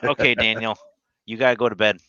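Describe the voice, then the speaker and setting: A very deep-voiced man with a crisp, smooth and bright tone, speaking easygoing and soft as he coaxes his child. The audio is dry and a bit dull, like a home call mic. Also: steady tone, quick pace, dry recording. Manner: easygoing, softly coaxing his small child. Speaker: guest on the chat, a father. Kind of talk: casual chat.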